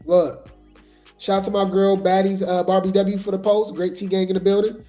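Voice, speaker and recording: A host giving casual gossip commentary on reality TV, talking chattily and filling pauses with "right?" and "you know". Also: medium pitch, level tone, dark tone, faint music behind. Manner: chatty, full of fillers and "right?" asides.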